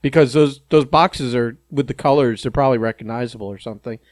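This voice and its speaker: A man's voice: mid-range voice, quick pace, no echo, studio quality. A man co-hosting a casual podcast, teasing and skeptical of his partner's ideas. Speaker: podcast co-host.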